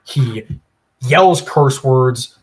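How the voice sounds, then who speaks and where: A man's voice: medium pitch, very slow. A man co-hosting a podcast, giving a long, opinionated analysis in casual chat with plenty of fillers. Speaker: podcast co-host.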